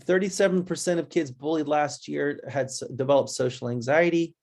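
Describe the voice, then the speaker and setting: A man's voice: vocal fry, a little mellow. A man presenting a webinar, talking in a conversational, restless way and addressing listeners directly as guys. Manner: conversational, restless, quick changes of pitch when imitating kids.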